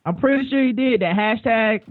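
A man's voice: extremely high pitch, moderate pace, dry recording. Man on a tinny phone line. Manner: rambling, repeats words, swears casually. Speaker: podcast guest. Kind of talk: casual chat.

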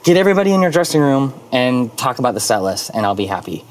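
A man casually telling a story about his work as a photographer, animated and full of filler words, acting out quoted dialogue. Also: mid-range voice, fast talker.

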